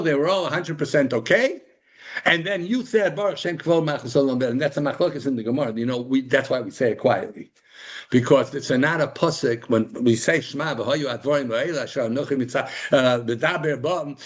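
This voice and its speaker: A man's voice: mid-range voice, slightly rough. A man teaching a Torah class to a live group, asking rhetorical questions and answering them himself, with Hebrew terms woven into English.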